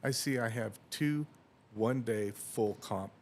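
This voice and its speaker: A man's voice: mid-range voice, a little slow, a little mellow, slight background noise. A man on a podcast telling a long anecdote in casual chat, acting out dialogue and laughing often. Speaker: podcast host.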